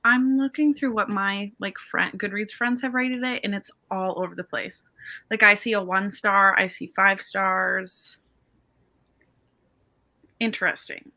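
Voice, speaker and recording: Young woman, host of a reading chat over a video call; bright, chatty, quick to laugh at herself. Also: mid-range voice. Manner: chatty, laughs often, self-deprecating. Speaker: host of a reading sprint stream. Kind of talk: casual chat.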